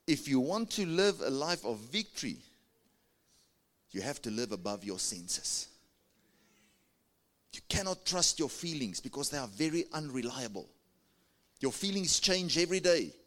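In a sing-song, slightly slow delivery with frequent pauses and a bit of brightness, a South African male pastor preaches a sermon. He coaxes his congregation, with large swings in pitch, to answer him and put their hands up.

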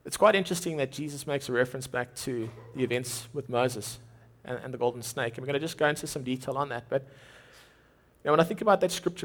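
A man's voice: medium pitch, a little fast, a bit bright. A man preaching a sermon in an earnest way, often repeating and restarting words as he goes.

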